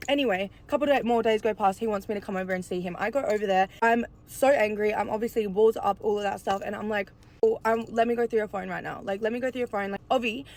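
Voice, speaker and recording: Fast-talking woman telling a storytime. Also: mid-range voice, fairly even intonation, a little mellow. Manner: rapid, chatty, peppered with "like" and swearing. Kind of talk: casual storytime while getting ready.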